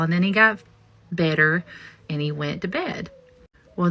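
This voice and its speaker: A woman's voice: deep voice, creaky. A woman telling a personal ghost story in a folksy, confiding way. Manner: folksy, confiding, animated when quoting others. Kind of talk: casual personal storytelling to camera.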